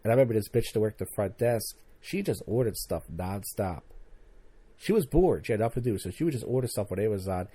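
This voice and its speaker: Ranting young man, dark husky voice. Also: on the low side, animated, fairly quick, no echo. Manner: ranting, profane, mimics coworkers. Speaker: podcast host. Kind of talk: casual monologue.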